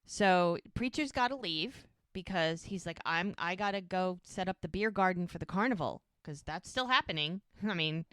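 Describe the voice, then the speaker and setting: A woman co-hosting a podcast, casually recapping a TV episode and acting out the characters' lines in quick voices. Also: fairly low pitch, animated, a bit bright, clear, resonant tone, no room sound. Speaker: podcast co-host.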